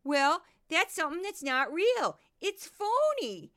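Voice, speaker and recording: A woman playing a goofy bogus expert, put-on Midwestern accent, high and loud, bright. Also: sing-song, takes it slowly, heavily acted. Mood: mocking. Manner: goofy, exaggerated drawl.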